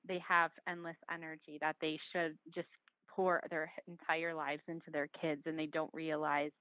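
A woman's voice: low voice, no room sound. A woman guest author on a radio interview, speaking in a thoughtful, reflective way. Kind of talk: casual interview chat. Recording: tinny phone-line sound.

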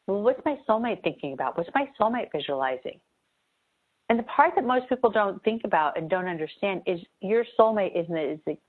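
A woman giving an earnest, emphatic motivational talk on manifesting, repeating key phrases for emphasis. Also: on the low side. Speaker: spiritual coach. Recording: tinny phone-like sound.

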